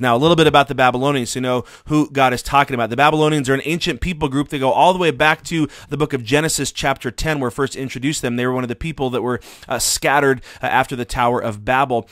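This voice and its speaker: A man's voice: medium pitch, fast, few pauses, fairly bright tone, no room sound. Earnest male Bible teacher for a small-group video lesson, plain mid voice, dry close recording. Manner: earnest, conversational, frequent "uh" fillers.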